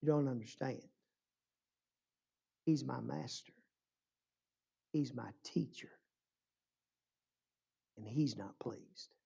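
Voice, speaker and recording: A preacher voicing a hushed, defeated violinist. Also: male voice, fast, creaky. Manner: low, hushed, near whisper. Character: grieving male violinist, quiet and defeated.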